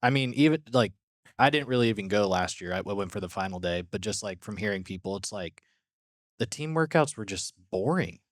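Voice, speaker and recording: A man with a lowish voice co-hosts a podcast recorded in a gym. He talks in a relaxed, easygoing way, backing up his partner and trailing off quietly. The recording is dry and close. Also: fairly quick, no room sound. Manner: laid-back, agreeing with frequent "yeah"s, trailing off. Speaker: podcast co-host. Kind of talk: casual chat.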